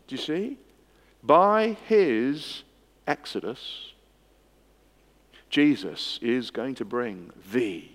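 A man preaching an expository sermon, swinging from hushed moments to emphatic ones. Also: medium pitch. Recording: long hall reverb.

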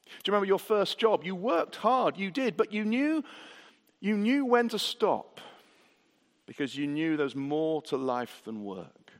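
A man's voice: high voice, sing-song, a little slow. A man preaching a sermon, earnest, building his points with rhetorical questions and repetition, heard in a reverberant church hall. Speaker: pastor.

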